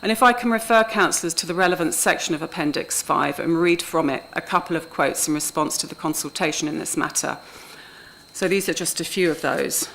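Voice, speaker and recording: Woman officer reading out her report to councillors, lowish voice, careful and exact. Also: vocal fry, a bit bright, a little hiss or hum, low-quality recording. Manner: measured, precise, with small restarts. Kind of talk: formal committee presentation. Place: council meeting chamber.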